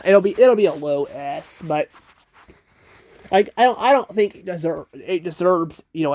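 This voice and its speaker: A young man casually ranking children's learning games, hesitant and unsure, with frequent ums and restarts. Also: fairly high pitch. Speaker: creator ranking educational games. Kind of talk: casual commentary.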